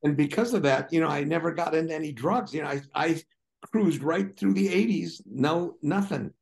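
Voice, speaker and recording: Male guest from Milwaukee; gravelly, slightly high voice, halting and self-deprecating. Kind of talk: casual interview chat.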